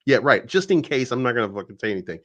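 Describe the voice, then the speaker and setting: A man's voice: mid-range voice, sing-song, rapid-fire, a bit bright. A man from Kentucky in casual debate, talking bluntly and profanely with lots of energy. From Kentucky, USA. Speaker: guest.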